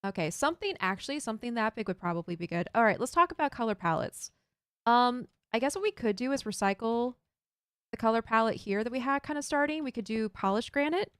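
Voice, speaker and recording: A woman's voice: fairly high pitch, expressive, fast, fairly bright tone, clear, resonant tone, dry recording, studio quality. A woman streaming a building game, chatting casually and thinking aloud while she builds and reads chat. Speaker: Minecraft streamer.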